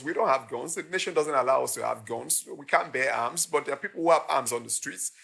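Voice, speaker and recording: A man's voice: on the high side, vocal fry, bright, forceful tone. A man preaching a sermon, impassioned, acting out the voices he quotes. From Nigeria. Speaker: pastor.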